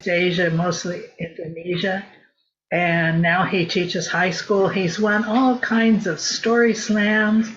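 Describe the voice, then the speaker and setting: A woman's voice: on the low side, slight background noise. Woman event host, chatty, muffled lo-fi audio. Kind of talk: casual event hosting.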